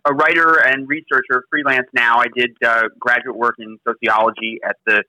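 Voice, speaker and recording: A man's voice: medium pitch, little pitch movement, normal speed, pushed and bright, no echo, low-quality recording. A man, a guest author, answering interview questions hesitantly with fillers.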